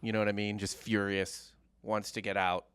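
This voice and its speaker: A man's voice: on the low side, little pitch movement, moderate pace, a bit bright, clear, resonant tone, no echo, studio quality. A man co-hosting a podcast, casually telling history with jokes and occasional mock accents. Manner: jokey, slips into mock accents. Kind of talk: casual comedic history chat.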